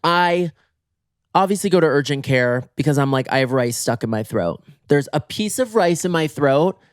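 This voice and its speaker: A man's voice: animated, moderate pace, smooth, no echo. Theatrical man, dry close sound. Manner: theatrical, swings pitch wildly for emphasis. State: slightly hoarse from illness. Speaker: podcast host. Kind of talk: comic monologue. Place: in bed at home.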